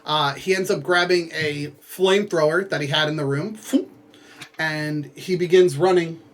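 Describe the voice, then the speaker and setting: Man, high voice, casual book recap, rambling with lots of fillers, joking asides to viewers. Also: steady tone, normal speed, a bit bright. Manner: rambling, heavy use of filler words.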